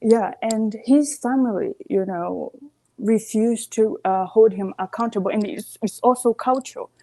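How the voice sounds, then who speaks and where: Earnest woman caller with a mellow voice. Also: fairly high pitch, measured pace. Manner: earnest, emphatic, says "you see" often. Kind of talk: call-in opinion.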